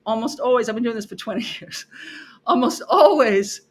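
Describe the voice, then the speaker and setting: A middle-aged woman, a professor guesting on a podcast, telling stories about her classes in an expressive way, acting out her students and repeating herself for emphasis. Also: on the high side, quick pace. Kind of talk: animated conversational storytelling.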